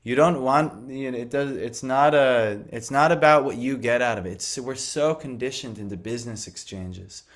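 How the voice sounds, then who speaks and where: A man's voice: medium pitch, normal speed, few pauses. A young man telling a devotional story and teaching in a conversational way, full of fillers and restarts. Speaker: scripture class speaker.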